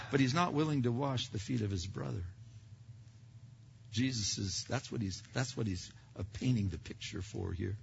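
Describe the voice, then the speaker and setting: A man preaching a sermon, swinging between loud emphatic lines and hushed asides. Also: mid-range voice, moderate pace, gravelly, slightly rough. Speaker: pastor. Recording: dull echoey hall recording.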